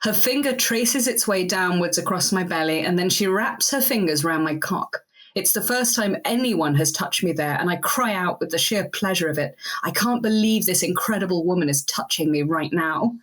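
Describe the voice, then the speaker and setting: A woman's voice: on the low side, animated, moderate pace, fairly bright tone. A woman co-hosting a podcast, chatting casually and reading a story aloud in a playful way. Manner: playful, laughs between readings. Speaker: podcast co-host.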